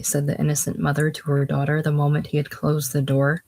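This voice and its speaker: Casual audiobook reader doing a classic novel, plain and unhurried. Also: medium pitch, completely flat delivery, darkish tone, low-quality recording.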